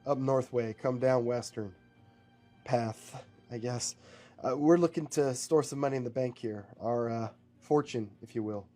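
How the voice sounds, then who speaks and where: A man's voice: mid-range voice, measured pace, mellow, soft background music, lightly acted. A man voicing a smug con man who drawls and stretches his words.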